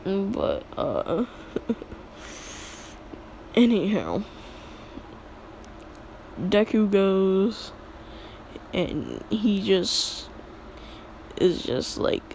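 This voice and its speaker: A woman's voice: medium pitch, very animated, very slow, gravelly, long pauses, darkish tone, a little hiss or hum. A young woman casually retelling a made-up story in a rambling, filler-heavy way, laughing at her own jokes.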